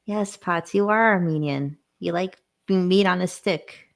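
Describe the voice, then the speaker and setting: A woman in casual stream chat, quick to react and often laughing. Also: on the low side, creaky.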